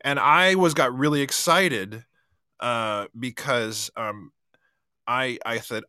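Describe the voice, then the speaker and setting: Guy cohosting a podcast, rambly and laughy, does little voices for quotes, middle pitch, dry mic. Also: animated, takes it slowly, bright, forceful tone, clear, resonant tone, dry recording. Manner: rambling, laughs often, acts out quoted dialogue. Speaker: podcast co-host. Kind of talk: casual chat.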